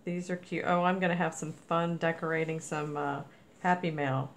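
A woman's voice: deep voice, steady tone, normal speed, slight background noise. A woman narrating a craft mail unboxing in a casual, gushing way, exclaiming often over each item. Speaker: crafting vlogger.

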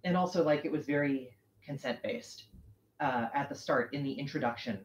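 A host chatting casually on a livestream while sewing, rambling and correcting themself, quick to laugh. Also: mid-range voice. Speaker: stream host. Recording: roomy, muffled home stream audio.

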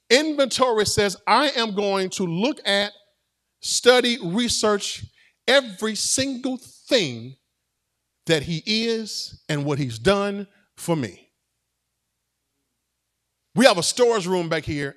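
A male pastor delivers his sermon in a high, animated voice that swoops up and down. He talks to the congregation like friends, with playful asides, and calls for them to answer back. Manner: conversational preaching with playful asides and call-and-response.

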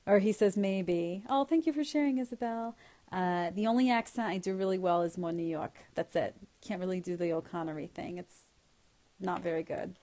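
A woman's voice: on the low side, fairly quick, dark tone. A woman hosting a casual phone livestream, reading viewers' comments aloud and thanking them effusively with blown kisses. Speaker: livestream host.

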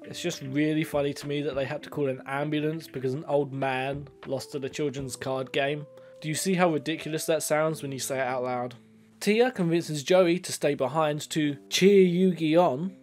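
A man's voice: fairly high pitch, fairly even intonation, moderate pace, a little mellow. A man giving comedic commentary, sarcastic and exasperated, swearing freely. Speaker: video commentator.

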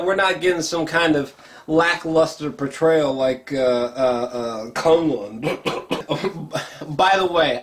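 A man giving a casual, profane reaction review, excitable and full of restarts, sometimes jumping into high excited exclamations. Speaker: YouTube trailer reviewer.

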